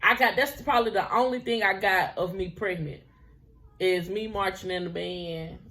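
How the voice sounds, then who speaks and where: A woman's voice: mid-range voice, normal speed, sharp tone. A woman in her twenties telling a personal story to her viewers in a casual, chatty way. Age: 20s. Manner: chatty, laughs often, drifts into quoted dialogue.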